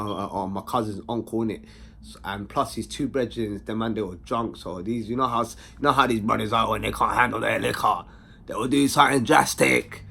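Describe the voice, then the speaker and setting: A young man with a London accent telling a personal story in a slangy, animated way, full of tag questions. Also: medium pitch, slightly rough. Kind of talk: casual anecdote.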